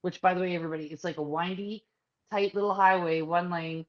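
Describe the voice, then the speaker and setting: On lo-fi audio, a fast-talking woman with a lowish voice tells a personal story as a podcast co-host. She's profane and animated, acting out what others said in a casual chat.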